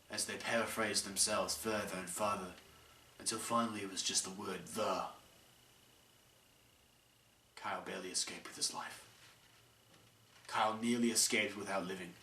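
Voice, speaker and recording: A man's voice: on the low side, steady tone, brisk, sharp tone. A man narrating an amateur story with earnest, dramatic delivery. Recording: echoey room, mic far off, faint hiss.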